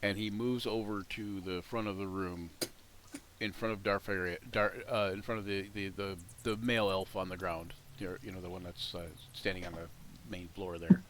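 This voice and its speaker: A man runs a tabletop game as game master, narrating in halting bursts full of restarts. His voice is a little low. Faint background noise runs under it. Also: level tone.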